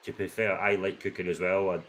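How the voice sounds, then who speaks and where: A British man hosts a relaxed livestream, talking with a somewhat low voice. He is chatty and laughs easily, and he reads out comments from his viewers as he goes. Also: brisk, a crowd in the background. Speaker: livestream host. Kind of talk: casual livestream chat.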